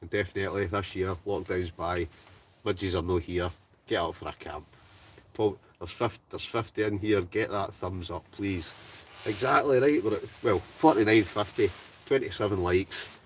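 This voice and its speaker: Low-voiced Scottish man chatting live. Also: moderate pace, recorded from a distance, slight background noise. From Scotland. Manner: chatty and upbeat, greets viewers by name. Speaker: wild camping livestreamer. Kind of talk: casual livestream chat, reading out viewer comments. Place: hot tent outdoors behind his house.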